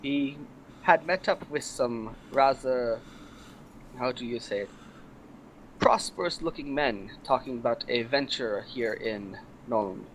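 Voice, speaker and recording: A man's voice: mid-range voice, lively intonation, takes it slowly, slight background noise, poor audio. A man playing a tabletop game, speaking politely and formally in character. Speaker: player.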